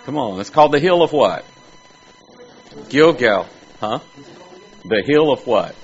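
A man's voice: mid-range voice, expressive, unhurried, breathy edge, faint music behind. A man preaching a sermon, asking his congregation questions. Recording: dull lo-fi recording with faint noise.

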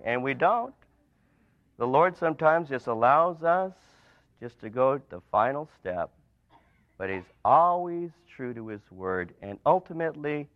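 A man preaching a sermon, telling stories and dropping to soft, emphatic lines. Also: on the high side, no room sound. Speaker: pastor. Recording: dull lo-fi recording.

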